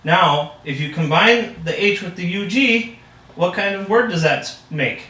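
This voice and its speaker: A man's voice: sits high, a little slow, pushed and bright. A young man acting as a reading tutor in a practice lesson, upbeat and encouraging, with frequent praise. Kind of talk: practice lesson role-play. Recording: echoey room, distant mic.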